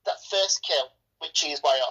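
A woman's voice: low-pitched, unhurried, sharp tone, breathy edge, lo-fi sound. An Englishwoman chatting bluntly and enthusiastically about a film, swearing freely. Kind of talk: casual film review chat.

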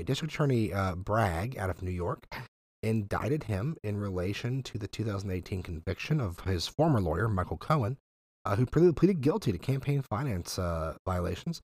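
A man's voice: on the low side, very animated, moderate pace, slightly rough, no echo, clean studio sound. A man hosting a podcast, giving sarcastic, heated political commentary full of fillers and swearing. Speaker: podcast host.

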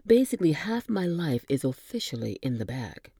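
A woman's voice: sits low, big pitch swings, normal speed, warm tone, breathy edge, no room sound, exaggerated voice. A woman playing a sardonic, imperious patient in her forties. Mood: wry. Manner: dry, teasing and theatrical.

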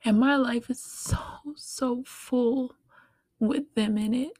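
A young woman hosting a solo podcast, talking softly and from the heart, with small laughs between her thoughts. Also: fairly high pitch, fairly even intonation, slow pace, no room sound. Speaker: podcast host. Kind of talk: reflective solo podcast talk.

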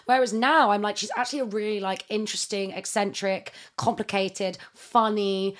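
A woman's voice: medium pitch, steady tone, normal speed. A woman co-hosting a podcast, chatting casually and rambling with many fillers. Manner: rambling, lots of fillers and likes. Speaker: podcast co-host. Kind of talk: casual chat.

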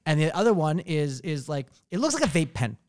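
A man with a slightly high voice rattles through his points at a brisk clip, emphatic and opinionated, often restarting his sentences. He talks close to the mic in a dry, dead room. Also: sing-song, a little mellow, dry recording. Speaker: podcast co-host. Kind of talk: casual car talk chat.

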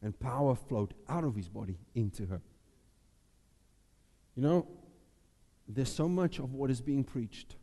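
Male pastor, dark mellow voice, animated sermon, reverberant hall. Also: mid-range voice, a little slow, pauses often. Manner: animated preaching, acting out Bible voices. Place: church.

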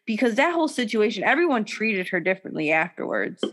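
A woman's voice: medium pitch, very animated, fast, fairly bright tone. A woman co-hosting a podcast in casual, profane chat, gossiping and acting out quotes. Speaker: podcast co-host.

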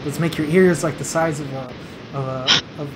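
A man's voice: fairly high pitch, steady tone, normal speed. A man in casual chat, rambling and playfully quizzing the other person with trivia facts. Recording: noisy background hiss.

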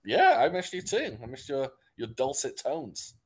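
A man's voice: mid-range voice, wildly swooping pitch, normal speed, slightly rough. A British man chatting casually as a podcast co-host, rambling with restarts and easy laughs. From Britain. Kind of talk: casual chat.

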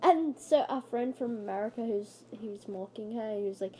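A woman's voice: fairly high pitch, moderate pace, few pauses, mellow. A young woman co-hosting a podcast, telling a story in casual chat with lots of giggles. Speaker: podcast co-host.

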